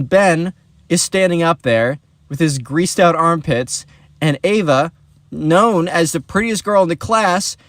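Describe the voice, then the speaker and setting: A young man telling a story in a casual, animated vlog style, with lots of chatty fillers. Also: fairly high pitch, no echo.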